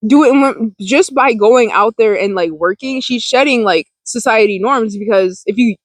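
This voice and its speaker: A woman's voice: fairly high pitch, normal speed, no echo, rough recording. Rambling woman in her twenties, dry close mic. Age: 20s. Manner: rambling, many fillers and restarts, laughs often. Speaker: vlogger. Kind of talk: casual film discussion. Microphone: close desk mic.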